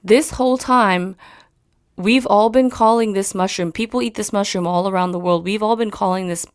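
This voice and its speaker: A woman's voice: medium pitch, normal speed, clear, resonant tone. A young woman who grew up in Japan, chatting casually as an interview guest and telling stories with lots of fillers. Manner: animated storytelling with fillers. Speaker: musician guest.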